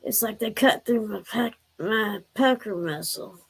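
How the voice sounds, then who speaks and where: A woman's voice: mid-range voice, a little slow, vocal fry, breathy edge. A woman chatting casually on a live stream, rambling and answering her viewers' comments.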